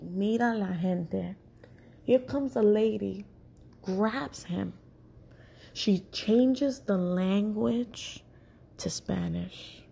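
A young woman tells a long story in a casual, animated way. Her voice is husky and gravelly, and her profane storytelling runs quickly. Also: mid-range voice.

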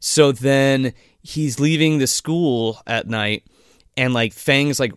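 A man's voice: mid-range voice, slow, clean tone, no echo, studio quality. A man casually recapping a movie plot, swearing freely and acting out lines from the film. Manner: profane, animated retelling with quoted character voices. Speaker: podcast co-host.

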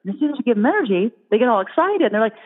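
A woman in casual conversation, telling an animated story and putting on playful little voices for imagined critters. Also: fairly high pitch, racing. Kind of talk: casual chat. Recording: phone-like sound in a long-reverb hall.

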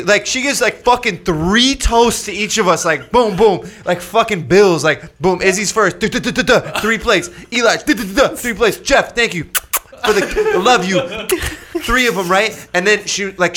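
Bright-voiced excitable young man. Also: high voice. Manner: excitable, swears a lot, laughs often. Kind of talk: casual chat.

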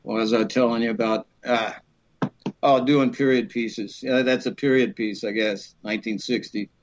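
A middle-aged actor from Alabama telling rambling, animated stories in a podcast interview, acting out quotes with many fillers. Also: male voice, mid-range voice, normal speed, muffled recording. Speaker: actor guest.

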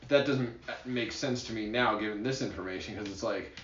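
A man co-hosts and chips in with quick jokes, sounding set back from the mic. The echoey room and dull, faintly noisy sound give it a casual feel. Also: lowish voice, a bit bright, far from the mic. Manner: quick jokes, supportive interjections. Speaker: podcast co-host. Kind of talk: casual podcast chat.

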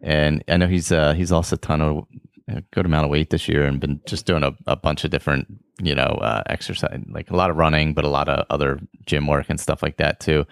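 A man hosting a casual podcast, reading out listener shout-outs in a relaxed, rambling way with many fillers. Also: very deep voice, a little fast, gravelly, smooth, no room sound. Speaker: podcast host.

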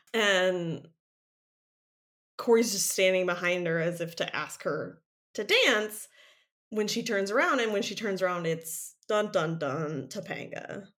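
A woman co-hosting a podcast, casually recapping a TV episode with lots of "like" fillers and laughs. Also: a little high. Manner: animated storytelling, many "like" fillers, frequent laughs. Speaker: podcast co-host.

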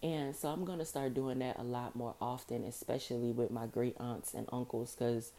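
A woman hosting a podcast alone, talking casually and informally with a rough morning voice, repeating phrases for emphasis. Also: extremely low pitch, fairly even intonation, moderate pace, mellow. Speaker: podcast host. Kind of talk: casual solo podcast monologue.

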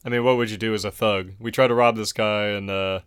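Chill young dude cracking jokes, clean smooth voice, dry sound. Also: male voice, on the low side, fairly even intonation, fast talker, no echo. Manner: laid-back, slangy, joking. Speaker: podcast co-host. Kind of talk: casual chat.

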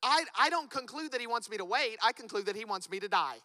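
Male pastor, high and very bright voice, preaching in a hall with a long reverb. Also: fast talker. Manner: animated, building to loud emphatic peaks. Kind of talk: sermon.

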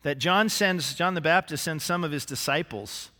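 A man's bright, forceful voice, pitched a little high, preaching a sermon to his congregation. He moves between earnest teaching and playful asides, acting out the quotes he tells. The sound carries the long reverb of a church sanctuary. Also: normal speed. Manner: animated preaching with humorous asides and acted quotes. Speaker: senior pastor. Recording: live church recording with long hall reverb.

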